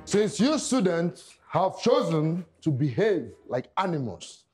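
A man's voice: on the high side, sing-song, slow, darkish tone. An actor playing a short-tempered male lecturer who barks orders at his class in a comedy series. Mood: stern. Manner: barking orders, indignant. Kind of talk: Nollywood comedy acting. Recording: music and crowd noise behind. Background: music and classroom crowd.

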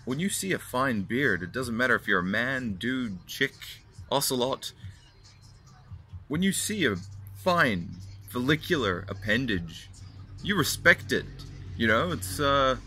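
A man's voice: medium pitch, big pitch swings, measured pace, sharp tone, a little hiss or hum. A young man hosting his own video channel, ranting bluntly and swearing freely as he answers a fan's question. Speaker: vlog host answering fan questions. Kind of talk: casual profane rant to camera.

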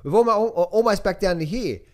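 Emphatic man with a slightly high voice. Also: expressive, fairly quick. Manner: emphatic, repeats phrases, keeps addressing viewers as traders and guys; restless with many restarts and fillers. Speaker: trading coach and channel host. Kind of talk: stock market commentary.

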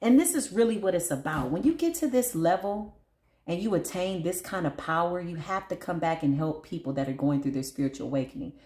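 Animated woman reading tarot, echoey room. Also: brisk. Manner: animated, laughing often, big pitch swings, talks to spirit and viewers. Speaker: tarot reader.

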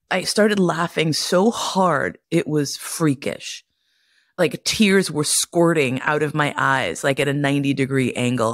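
A woman's voice: low voice, fairly bright tone, no room sound, clean studio sound. A middle-aged woman hosting a podcast, telling stories casually, swearing freely and breaking into laughter. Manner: profane, laughs often while telling stories. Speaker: podcast host. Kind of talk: casual storytelling monologue.

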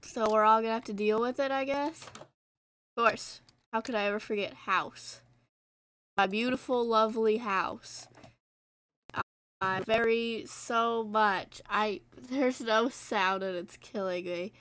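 A woman's voice: a little high, takes it slowly, fairly bright tone, smooth. A teenage girl streaming a game, chatting casually in a rambling, self-deprecating way. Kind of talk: casual gameplay chat.

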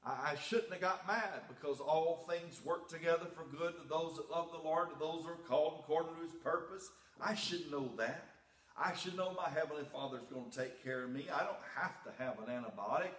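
A man's voice: a little high, brisk, fairly bright tone. A man preaching a sermon as pastor, telling a personal story in a folksy way and building to emphatic preaching. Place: church sanctuary. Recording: echoey church room.

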